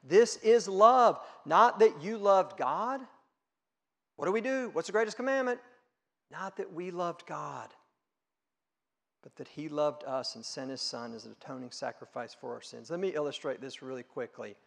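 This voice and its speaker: A middle-aged man preaching a sermon with emphatic, surging delivery that drops to a hush and rises again. His voice sits a touch high for a man. It rings out with a long reverb tail, as in a large hall. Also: moderate pace, creaky. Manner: emphatic preaching, swinging from hushed to loud. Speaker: pastor.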